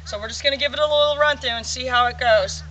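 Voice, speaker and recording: High, bright-voiced male dog trainer. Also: quick pace, a little hiss or hum. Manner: talks straight to viewers, repeats reminders. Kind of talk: casual training instruction to camera. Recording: voice somewhat far from the mic.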